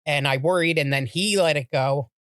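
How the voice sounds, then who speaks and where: A middle-aged woman, a podcast co-host, telling a personal story in a halting, heartfelt way with many restarts. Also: low voice, no room sound, studio quality.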